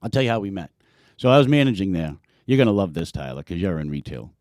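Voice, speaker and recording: A man's voice: low voice, big pitch swings, fast, a little mellow, no echo, studio quality. A man hosting a casual sports podcast, swearing, telling stories and ribbing his guest. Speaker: podcast host.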